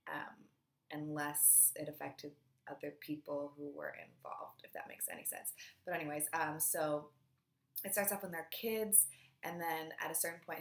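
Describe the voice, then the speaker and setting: A young woman casually chatting through her monthly book wrap-up, rambling with fillers and drifting into quiet asides. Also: deep voice. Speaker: book vlogger. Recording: echoey room.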